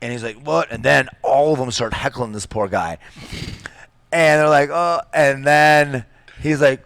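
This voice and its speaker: A man's voice: medium pitch, measured pace, vocal fry, dry recording. Laughing storyteller man, very dry sound. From Minnesota. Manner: animated, laughing storyteller, swears freely. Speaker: podcast guest, jiu-jitsu coach. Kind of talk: casual storytelling.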